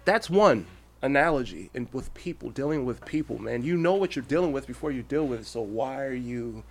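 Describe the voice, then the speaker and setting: A man's voice: medium pitch, lively intonation, brisk. Blunt, cussing man in his thirties. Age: 30s. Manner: blunt, heavily profane, emphatic, repeats himself. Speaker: podcast guest, Marine veteran. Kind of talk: casual interview talk.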